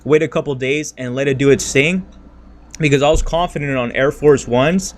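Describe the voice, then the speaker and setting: A man's voice: mid-range voice, moderate pace. Blunt, slangy man ranting on a stream. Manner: blunt and slangy, says "freaking", "bro" and "dude" often; frustrated, venting. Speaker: crypto trading livestreamer. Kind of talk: casual livestream rant and market talk.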